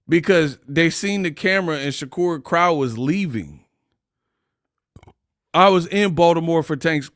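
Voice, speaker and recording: A man's voice: fairly high pitch, dry recording, clean studio sound. Laughing, trash-talking man on a livestream. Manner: animated, laughing, trash-talking chat readers. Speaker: boxing livestream host. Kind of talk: casual livestream commentary.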